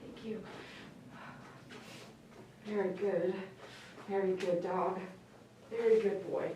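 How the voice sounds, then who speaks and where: A woman dog groomer on a live stream, talking softly and emotionally to a dog while she grooms it. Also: mid-range voice, steady tone, slow pace. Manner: soft, emotional, coaxing talk to a dog. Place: grooming room. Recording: roomy sound from a distance over faint noise.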